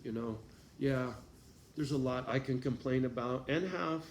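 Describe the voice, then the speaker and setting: A man's voice: medium pitch, measured pace, echoey room, slight background noise. A man talking casually to his viewers in a rambling, profane vlog monologue, often laughing. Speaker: vlogger.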